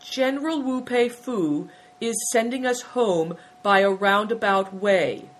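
A woman's voice: medium pitch, expressive, unhurried, slightly rough, voice pushed up, poor audio. A woman voicing a timid, earnest boy who speaks nervously and stammers.

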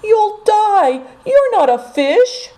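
Woman reader doing a high, anxious storybook girl; lively swoops, mellow tone. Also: takes it slowly, heavily acted. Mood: frightened. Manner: high, urgent cries. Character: young girl, tender and fretful.

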